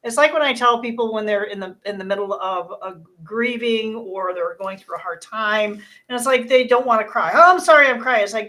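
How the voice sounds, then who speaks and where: A woman's voice: mid-range voice, a bit bright. Earnest woman giving a card reading. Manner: earnest, reassuring, talks in loose restarts. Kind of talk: casual spiritual card reading.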